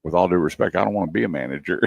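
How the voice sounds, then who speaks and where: A man's voice: low voice, animated, very fast, creaky, a little hiss or hum. A man hosting a radio talk show, telling a long story in a casual way and acting out the dialogue of the people in it. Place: radio studio.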